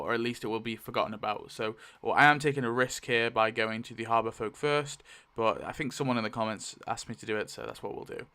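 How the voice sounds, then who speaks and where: A man's voice: medium pitch, fairly bright tone, clean tone. A man playing a tabletop roleplaying game solo, talking it through casually and thinking aloud with many fillers and self-corrections. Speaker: solo game player narrating.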